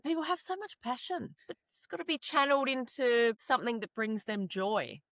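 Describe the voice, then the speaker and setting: A woman's voice: on the high side, normal speed, fairly bright tone, dry recording. A woman co-hosting a podcast, playful and upbeat, laughing often. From Australia. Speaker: podcast co-host. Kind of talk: casual chat.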